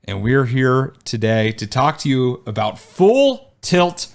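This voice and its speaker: A man co-hosting a podcast, chatting casually. His pitch sits in the middle of the range. He keeps it loose and joking and often trails off with uh and like. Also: slow pace. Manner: relaxed, joking, trails off with fillers. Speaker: podcast co-host.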